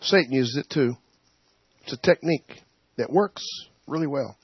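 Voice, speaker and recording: A man leading a Bible study, preaching informally in an animated way, laughing and acting out quotes. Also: mid-range voice, normal speed, husky, dry recording. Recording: dull, muffled sound.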